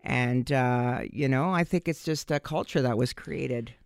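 A woman's voice: extremely low pitch, measured pace, darkish tone, no room sound, studio quality. A woman hosting a radio comedy show in casual, joking chat. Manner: chatty, jokey, thanks sponsors. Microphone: studio microphone.

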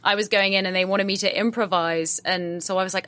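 An English actress chatting lively and easily in a casual podcast interview, often laughing. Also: female voice, mid-range voice, normal speed. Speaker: actress guest.

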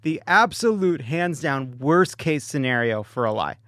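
A man hosting a comedy podcast, telling jokes and animated stories with punchlines. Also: on the high side, measured pace, no echo, clean studio sound. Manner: joking, animated storytelling with punchlines. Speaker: podcast host.

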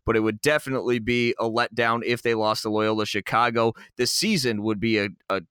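Bright, crisp-voiced man talking sports. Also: lowish voice, fairly even intonation, fairly quick, no room sound, studio quality. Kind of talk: casual sports talk.

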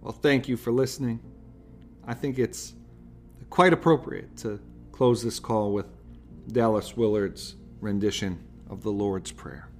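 A man, a podcast host, reading a sermon aloud in a measured, earnest way. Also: fairly low pitch, soft background music.

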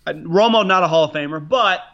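A man's voice: fairly high pitch, fairly quick, fairly bright tone, lo-fi sound. A man hosting a casual sports podcast, rambling and restarting his sentences, with frequent swearing. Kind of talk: casual sports talk with profanity.

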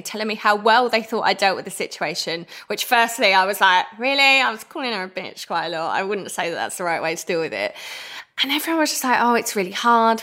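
A woman in her thirties from England, candidly telling a personal story as a podcast guest, animated and acting out what people said. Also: a little high. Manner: animated, laughs often, acts out quoted speech.

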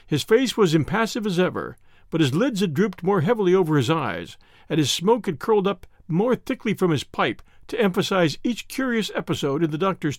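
A man reading a classic detective story aloud in an expressive narration. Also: sits high, no echo, studio quality.

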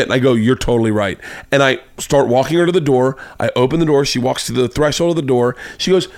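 A man's voice: medium pitch, quick pace, no room sound. A man hosting a podcast, telling a long rambling anecdote in casual chat and acting out the quoted lines. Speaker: podcast host. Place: home studio.

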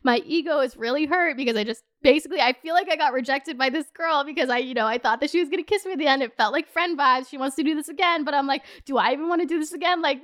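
High-voiced young woman, chatty and profane. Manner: animated, swears a lot, lots of "like" fillers. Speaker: podcast host. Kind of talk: casual storytime chat.

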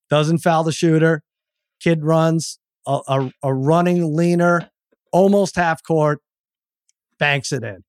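A man's voice: on the high side, fairly even intonation, takes it slowly, pauses often, dry recording, studio quality. A middle-aged man telling a story in casual podcast chat, stammering and acting out the people he quotes. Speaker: podcast guest.

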